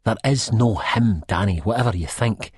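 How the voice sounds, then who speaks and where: A man voicing a weary young woman, speaking in a hushed, tired and guarded way. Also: on the low side, moderate pace, breathy edge, dry recording, clean studio sound, voice pushed up. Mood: strained. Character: weary young Scottish woman, quiet and strained.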